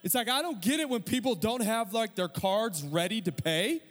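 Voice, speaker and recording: A middle-aged male pastor preaching a sermon, telling a story with self-deprecating humor and quick asides. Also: high-pitched, expressive, fairly bright tone, long reverb tail.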